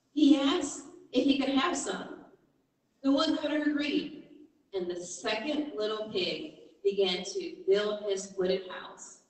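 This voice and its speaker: High-voiced woman preacher, echoey hall. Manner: animated, emphatic, rising to exhortation. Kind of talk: sermon with storytelling. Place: church. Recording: echoey church hall from far off.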